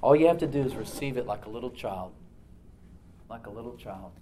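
A male pastor preaching a sermon, swinging from loud emphatic lines to hushed near-whispers. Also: mid-range voice, brisk, echoey room, poor audio. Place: church sanctuary.

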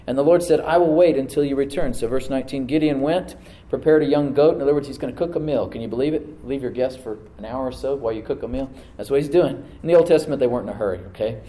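At a church service, a pastor preaches a sermon to a live congregation, reading scripture aloud, then dropping to a soft voice to stress a point and asking the room to answer back. His mid-range voice moves fast with few pauses, and the rough recording is reverberant.

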